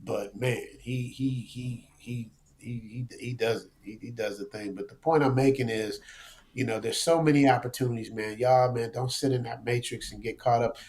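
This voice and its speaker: A man talking as a guest in a casual interview, animated and slangy, often repeating words as he goes. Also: mid-range voice, normal speed. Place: lives abroad, remote interview.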